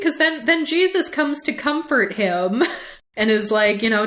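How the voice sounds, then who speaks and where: A young woman co-hosting a podcast, recapping a show in a casual, animated way, laughing often and restarting her sentences. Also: medium pitch, measured pace. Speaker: podcast co-host.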